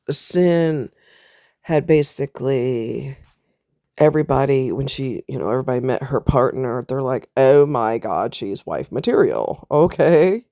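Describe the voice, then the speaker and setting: A woman's voice: low-pitched, gravelly, dark tone, clean tone, no room sound, studio quality. A middle-aged woman telling a personal story in a candid, casual vlog, speaking straight to her viewers. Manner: candid, talks straight to viewers with southern US slang. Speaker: vlogger.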